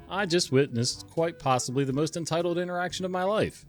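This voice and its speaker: A man's voice: a little high, brisk, faint music behind. A man narrating stories in a casual, conversational way, often chuckling and wandering into asides. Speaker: storytelling channel host.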